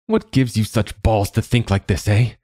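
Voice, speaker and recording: A man with a low voice reading the part of a squat, lumbering young monk who bullies with sneering, muttered scorn. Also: expressive, unhurried, a little mellow, dry recording, clean studio sound. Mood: scornful.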